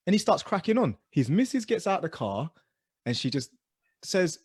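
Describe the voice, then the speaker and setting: A man telling stories as co-host of a casual podcast chat, animated and dropping low and quiet for asides. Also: fairly quick, husky, no echo, clean studio sound.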